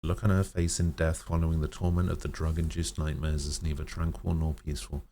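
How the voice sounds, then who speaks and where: A man streamer reading a sad story aloud in a slow, measured way, with occasional slips. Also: extremely low pitch, level tone, mellow, a little hiss or hum.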